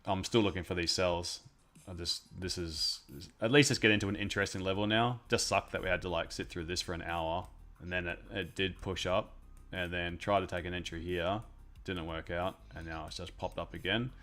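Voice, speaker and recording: A man's voice: sits low, steady tone, fairly quick, fairly bright tone. A young man hosting a live trading stream, chatting casually in a laid-back way. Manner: laid-back, chatty, trails off mid-sentence.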